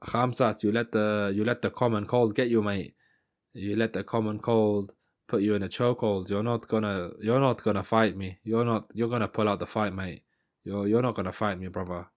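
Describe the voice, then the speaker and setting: A man imitating a brash trash-talking male fighter, with a rough attempt at a South African accent and a mocking tone. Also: lowish voice, fairly even intonation, normal speed, close to an everyday voice. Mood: taunting. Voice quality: mocking, taunting.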